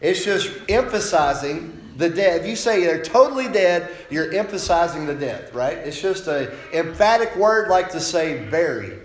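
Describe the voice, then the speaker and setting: A man preaches a sermon, pressing his points home with insistent emphasis and tagging them with rhetorical questions to the congregation. His voice sits a little higher than most men's. It carries a roomy echo. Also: sing-song, moderate pace, hardly any pauses. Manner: preaching with frequent rhetorical "right?" tag questions. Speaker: pastor.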